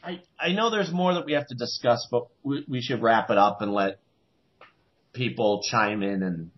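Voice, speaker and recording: A man co-hosting a podcast in casual chat, animated and quick to joke. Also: medium pitch. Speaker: podcast co-host. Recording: dull lo-fi sound.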